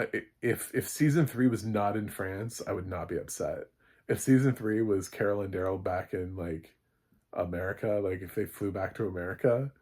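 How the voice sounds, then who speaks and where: A man's voice: deep voice, darkish tone, breathy edge. A man who is a film critic, giving a casual, rambling spoken recap of a TV episode and often laughing at his own jokes.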